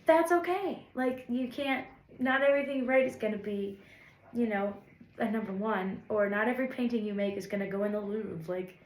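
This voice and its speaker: A woman's voice: mid-range voice, normal speed, reverberant. A woman songwriter talking to camera in a casual, rambling and encouraging way, with self-deprecating asides. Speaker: songwriter vlogger. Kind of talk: casual reflective talk to camera.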